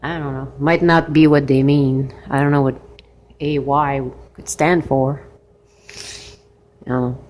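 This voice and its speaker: A woman's voice: extremely low pitch, flat delivery, measured pace, long pauses, a little mellow, a little hiss or hum. A woman vlogging from a hostel in a chatty, rambling way with laughing asides, while she is sick. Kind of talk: casual vlog chat. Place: hostel kitchen and common room.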